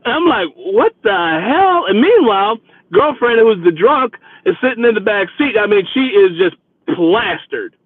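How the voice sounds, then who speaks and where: A man who drives for a rideshare service, hosting his vlog and retelling a ride in a chatty, animated way. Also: sits high, normal speed, no room sound. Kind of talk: casual storytelling. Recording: dry, phone-like lo-fi sound.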